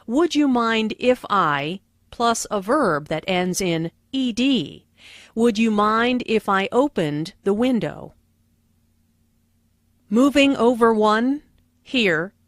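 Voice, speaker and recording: Slow, carefully enunciating woman teacher. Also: mid-range voice, no room sound, studio quality. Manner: slow, deliberate, clearly enunciated. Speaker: lesson narrator and dialogue reader. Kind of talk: scripted language-lesson narration.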